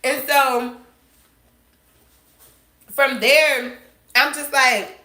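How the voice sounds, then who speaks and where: Bright-voiced woman telling a work story. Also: high-pitched, extremely slow, roomy sound. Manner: animated, acts out both sides of the argument. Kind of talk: casual storytime to camera.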